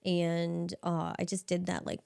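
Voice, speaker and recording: A woman's voice: on the low side, monotone, a little slow, vocal fry, darkish tone, clean tone. A young woman in her twenties, chatting casually as a podcast guest, rambling and giggly with lots of likes. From United States, Filipino family. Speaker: podcast guest, bodywork practitioner. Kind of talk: casual chat.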